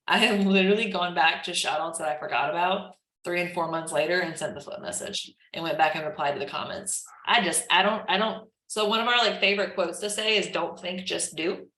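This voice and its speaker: A woman's voice: lowish voice, brisk, few pauses, bright, forceful tone, roomy sound, low-quality recording. A woman running a casual live training session, chatty and full of "like", acting out chat messages. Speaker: team trainer.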